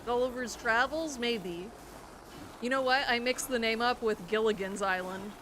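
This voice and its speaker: A woman's voice: a little high, moderate pace, fairly bright tone. A woman in her twenties streaming a game, chatting in a rambling, nostalgic way. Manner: rambling and nostalgic, trails off into musing. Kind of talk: casual chat while gaming. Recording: noisy game audio behind.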